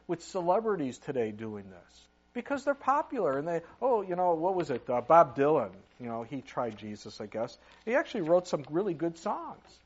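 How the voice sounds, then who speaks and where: An older man preaching a sermon as a pastor, reading scripture aloud and swinging between loud emphasis and quiet asides. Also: a little high, slightly rough, dull audio. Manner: preaches with sudden rises and drops in loudness, reads scripture aloud.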